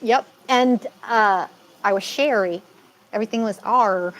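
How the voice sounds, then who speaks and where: A woman's voice: mid-range voice, unhurried, low-quality recording. A woman from Massachusetts co-hosting a casual live-stream chat, rambling and laughing often.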